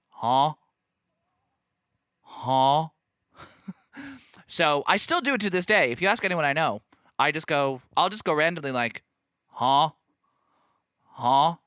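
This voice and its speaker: A man hosting a podcast in casual chat, talking in a campy, animated way and laughing often. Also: on the high side, no echo, studio quality. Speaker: podcast host.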